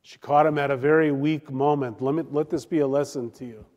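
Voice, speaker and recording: A pastor preaching a sermon, swinging between loud declaiming and hushed, drawn-out emphasis. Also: male voice, medium pitch, steady tone, long reverb tail, dull audio.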